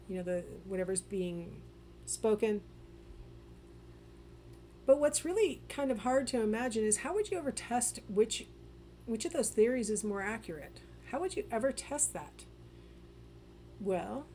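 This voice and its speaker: A woman's voice: medium pitch, dark tone, slight background noise. A woman giving a casual recorded psychology lecture, chatty and full of fillers and restarts.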